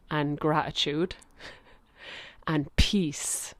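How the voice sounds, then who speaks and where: A woman with a thick Kilkenny country accent speaks low and unhurried, gentle and heartfelt as she guides a meditation on her spiritual podcast. The sound is close and dry, with no room around it. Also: steady tone, dry recording. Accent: Irish, Kilkenny country. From Ireland. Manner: gentle, heartfelt, slow and soothing with soft laughs. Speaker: podcast host.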